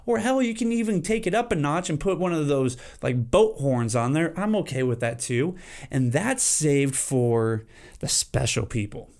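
A man riffs through a comic solo podcast rant. His voice sits a little high and comes across smooth and clear. He keeps breaking into squeaky, silly voices to act out his examples. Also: expressive, normal speed, a little mellow. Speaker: podcast host.

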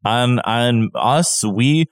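A man co-hosting a podcast, telling stories in a rambling, halting casual chat. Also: mid-range voice, no room sound, studio quality. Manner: rambling storyteller with halting restarts. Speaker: podcast co-host.

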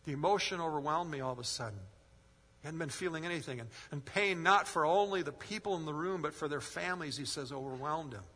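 A man's voice: a little high, fast talker, fairly bright tone, husky. A male pastor preaching a sermon, earnest and rising in force as he retells a story. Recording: long hall reverb.

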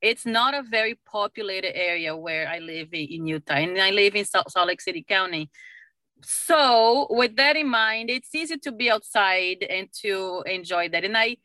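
A middle-aged woman, a mother, telling stories in a casual conversation, animated and laughing often. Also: mid-range voice, moderate pace, no room sound. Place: lives in Utah.

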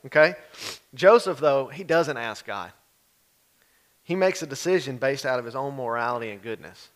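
Man preaching, relaxed and chatty, acts out voices in the story. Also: mid-range voice, normal speed. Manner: conversational preaching, acts out voices of biblical figures. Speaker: pastor. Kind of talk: sermon.

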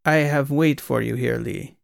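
A man voicing a nervous, secretive male station guide with an Eastern European accent and broken English, warning in hushed, urgent tones. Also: mid-range voice, unhurried, vocal fry, dry recording, clean studio sound. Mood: eager.

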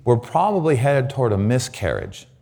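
A middle-aged man preaching as a guest pastor, repeating words and acting out shouts of praise. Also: medium pitch, big pitch swings, moderate pace. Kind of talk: sermon.

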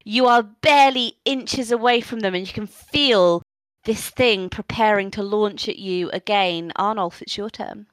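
A woman narrating a tabletop role-playing game as game master, lively and playful. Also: mid-range voice, measured pace, clean tone, no echo, low-quality recording.

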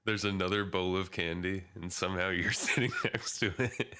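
A man's voice: low voice, fairly even intonation, moderate pace, bright, forceful tone. A man co-hosting a podcast in casual chat, laughing often and tossing back quips. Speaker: podcast co-host.

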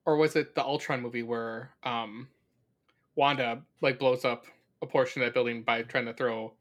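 A man's voice: medium pitch, steady tone, normal speed, fairly bright tone. A man co-hosting a podcast in casual chat, speculating loosely and trailing off into fillers. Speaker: podcast co-host.

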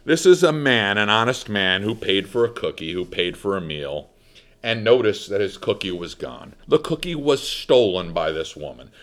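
A man's voice: lowish voice, very animated, moderate pace. Dramatic, emphatic male talk host. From United States. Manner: theatrical, emphatic, swings loud and soft. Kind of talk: dramatic monologue storytelling.

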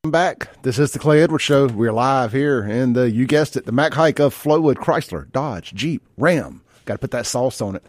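A brash man hosting morning talk radio, mocking and offhand, slipping into live ad reads. His voice sits at an ordinary middle pitch. It is recorded close on a studio mic with a dry, dead sound. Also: lively intonation, moderate pace, hardly any pauses, dry recording. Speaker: radio talk show host. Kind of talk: conservative talk radio monologue. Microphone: studio microphone.

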